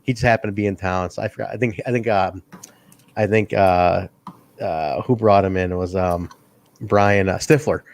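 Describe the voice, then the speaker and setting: A man co-hosting a casual wrestling review podcast, an animated storyteller who laughs often, swears, and acts out quotes in a higher voice. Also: normal speed. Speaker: podcast co-host.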